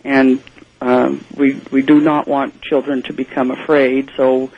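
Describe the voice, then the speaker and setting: Man, flat monotone, hesitant fillers, ghost investigator guest, muffled radio sound. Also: mid-range voice. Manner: hesitant, halting with many fillers. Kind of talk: radio interview.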